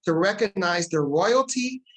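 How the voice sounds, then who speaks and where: A woman hosting a talk show, excited and emotional as she introduces her guest. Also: medium pitch, low-quality recording. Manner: excited, fast-talking, emotional.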